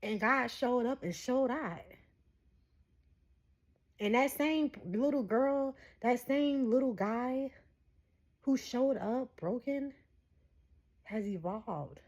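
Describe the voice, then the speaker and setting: A woman in her thirties talking straight to her viewers in a casual spiritual message, animated and preachy, laughing often. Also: fairly high pitch, takes it slowly, pauses often. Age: 30s. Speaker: spiritual vlogger.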